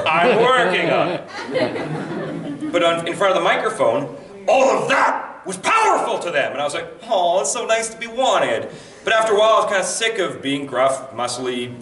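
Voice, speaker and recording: Voice actor guest, male, deep voice with a raised pitch, animated storyteller; distant echoey room mic. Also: normal speed. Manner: animated storytelling, acting out quotes. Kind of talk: conversational advice talk.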